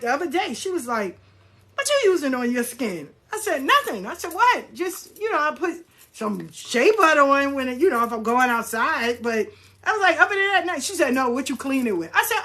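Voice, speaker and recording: Animated, blunt woman with a bright voice. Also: on the high side. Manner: blunt, animated, swears freely. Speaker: spiritual practitioner, channel host. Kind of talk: casual spoken reflection to viewers.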